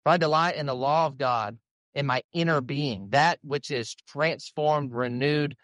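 Man, debater, preacherly, quotes scripture, slightly high voice, dry sound. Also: a little slow, a bit bright, no echo. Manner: preacherly, quoting scripture at length. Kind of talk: debate opening statement.

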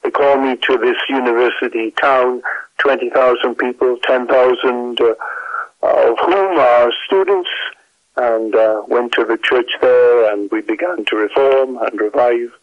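A retired Welsh pastor in his eighties with a slight mid-Atlantic tinge, speaking in a measured, hesitant way full of fillers. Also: medium pitch, no echo, lo-fi sound. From Wales. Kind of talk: reflective conversational interview.

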